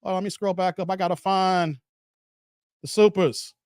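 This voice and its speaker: A man's voice: high voice, normal speed, clear, resonant tone, dry recording, studio quality. A man from Chicago hosting a live stream, chatting casually and reading out viewer messages with a lot of laughter. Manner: animated, laughs often, reads viewer messages aloud.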